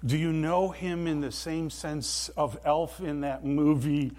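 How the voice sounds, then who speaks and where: A man preaching a sermon in a church, earnest and emphatic, with deliberate pauses. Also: on the high side, steady tone, a little mellow. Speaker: pastor.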